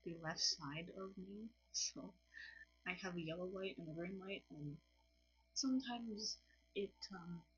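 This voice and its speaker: A woman with a French accent gives a casual lesson to camera at home, sounding tired and apologizing often. She talks slowly in a lowish voice, giggling and restarting her sentences. The recording is dull and lo-fi, with faint music behind her. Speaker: language teacher on her own channel. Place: home room with colored lights.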